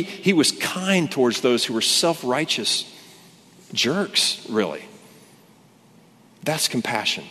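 A man's voice: medium pitch, fairly bright tone. A man preaching a sermon to a congregation, conversational and earnest, restarting his sentences often. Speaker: pastor. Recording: long hall reverb.

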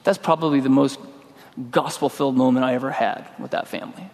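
A middle-aged man preaching a sermon in a relaxed, conversational way, telling a personal story and acting out his own lines. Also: medium pitch, a little fast, creaky. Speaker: pastor. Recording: long hall reverb.

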